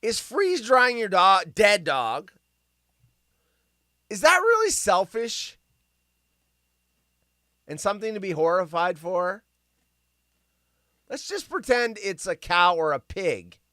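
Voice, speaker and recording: A man's voice: high voice, sing-song, takes it slowly, long pauses, sharp tone, dry recording, studio quality. A man hosting a live stream, reading news stories aloud and ranting about them in a rambling, sarcastic way that keeps going off on tangents. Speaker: livestream host.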